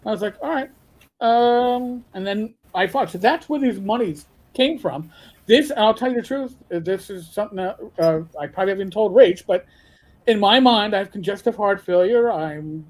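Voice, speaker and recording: A man's voice: high voice, darkish tone. An older retired man, hosting a casual livestream chat and telling stories bluntly. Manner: blunt, storytelling with profanity. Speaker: show host.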